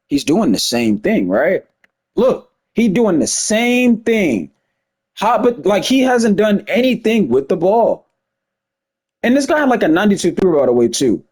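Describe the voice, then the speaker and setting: Fast-talking man breaking down gameplay. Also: high voice, a little mellow, slightly rough. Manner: fast-talking, emphatic, keeps asking "you see what I'm saying". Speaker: gaming video commentator.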